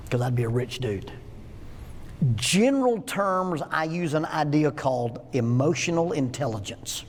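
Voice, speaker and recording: A man's voice: on the high side, a little mellow. A man in his sixties teaching a church lesson, folksy and full of jokes, often asking his listeners questions. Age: 60s. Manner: folksy, joking storyteller asking the audience questions. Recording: hall with long echo.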